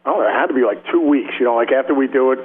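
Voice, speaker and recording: A rock guitarist guest rambles through stories in slangy talk on a casual radio interview, laughing often and playing the other characters. His middle-pitched voice is very fast with a breathy edge, and the audio is slightly dull, like radio.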